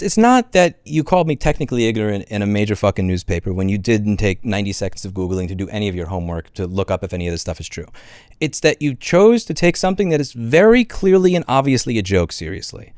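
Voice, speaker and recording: A man's voice: mid-range voice, a little mellow, no room sound, clean studio sound. A man ranting hard on his own video channel, indignant and swearing as he talks. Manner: indignant, profane, fast ranting. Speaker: channel host. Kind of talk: angry vlog rant.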